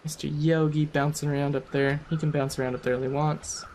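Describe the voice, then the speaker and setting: A man's voice: on the high side, flat delivery, fairly quick, darkish tone, a little hiss or hum. A man giving casual, rambling commentary over a survival game, chatty and self-deprecating.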